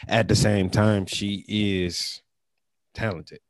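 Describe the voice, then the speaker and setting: A man's voice: lowish voice, little pitch movement, takes it slowly, no room sound. A man co-hosting a podcast, joking in casual, profane chat. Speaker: podcast co-host.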